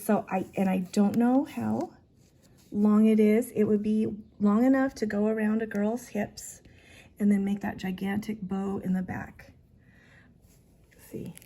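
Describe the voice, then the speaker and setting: A woman talks through her collection in a casual show-and-tell, excited and rambling, often breaking off to restart a sentence. Her voice is mellow and dark, with a breathy huskiness and a gravelly edge of fry at the ends of phrases. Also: medium pitch. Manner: chatty, excited, trails off and restarts. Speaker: vintage collector showing items.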